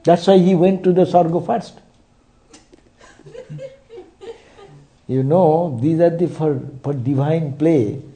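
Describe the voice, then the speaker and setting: A man's voice: on the high side, very animated, slow pace, pauses often, mellow. A man giving a spiritual sermon, telling stories and checking in with rhetorical asides. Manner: storytelling, frequent rhetorical "eh?". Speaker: spiritual teacher.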